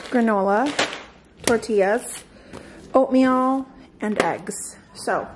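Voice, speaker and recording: A woman's voice: fairly high pitch, slow. Woman, mom vlogger, out of breath, rambling casual chat, handheld camera at home, faint background hum. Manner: chatty, rambling, lots of fillers.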